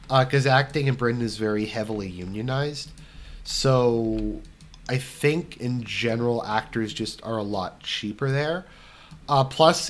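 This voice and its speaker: A young man plays a strategy game while casually answering viewer questions, rambling with lots of fillers and restarts. His voice is mid-range, and there's a little hiss or hum on the recording.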